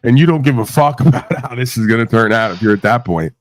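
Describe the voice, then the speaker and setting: A man's voice: medium pitch, animated, quick pace. A man hosting a casual livestream chat, talking bluntly and profanely about his past and laughing often. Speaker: host.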